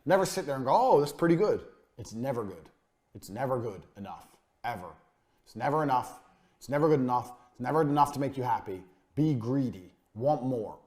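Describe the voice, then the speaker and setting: Blunt, profane male business coach. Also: medium pitch. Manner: blunt, profane, emphatic; voice often drops off at line ends. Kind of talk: recorded business lesson.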